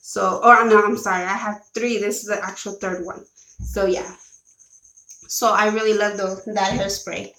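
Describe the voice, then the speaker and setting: A woman's voice: mid-range voice, flat delivery, moderate pace, sharp tone, roomy sound, low-quality recording. A woman with children chatting casually to live viewers as she shows off a shopping haul, rambling and correcting herself as she goes. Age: adult with children. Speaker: vlogger showing a shopping haul.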